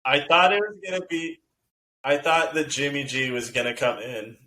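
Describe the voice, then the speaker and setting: A man with a bright, mid-range voice offers easygoing opinions on a sports podcast. There is a faint hiss under his mic as he chuckles along. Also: a little high, animated, normal speed, low-quality recording. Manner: laid-back, chuckling, opinionated. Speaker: podcast co-host. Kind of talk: casual sports chat.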